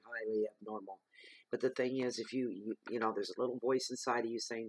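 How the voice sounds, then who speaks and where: A man's voice: medium pitch, steady tone, fairly quick, fairly bright tone, slight background noise. A man giving a weekly tarot reading, talking in an emphatic, repetitive, earnest way, with a cough. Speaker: tarot reader.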